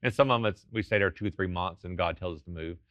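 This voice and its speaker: A man's voice: low voice, no room sound, dull audio. A man telling faith stories as a guest in a TV interview, fervent and earnest. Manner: fervent storytelling, quick and earnest. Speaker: ministry founder and guest. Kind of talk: testimony in a TV interview.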